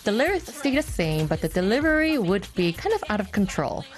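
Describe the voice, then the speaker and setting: A woman's voice: medium pitch, sing-song, fairly quick, soft background music. A woman hosting a morning show, chatting animatedly and giggling as she switches between languages. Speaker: radio show host. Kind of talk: bilingual casual show hosting.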